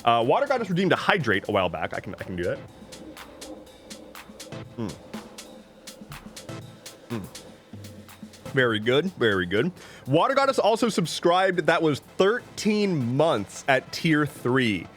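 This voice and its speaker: Man, streamer, casual joking chat, animated pitch, soft background music. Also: measured pace, pauses often. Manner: playful, joking, reads chat aloud.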